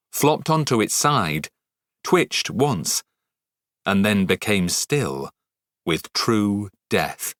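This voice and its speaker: A man narrating a dark fantasy audiobook in the first person, measured and dramatic. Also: on the low side, dry recording, studio quality.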